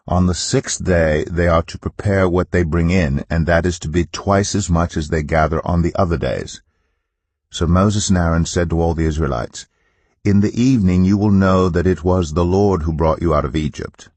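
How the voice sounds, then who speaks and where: A man giving a calm, measured Bible reading in a scripted style. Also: sits low, no room sound. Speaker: Bible reader.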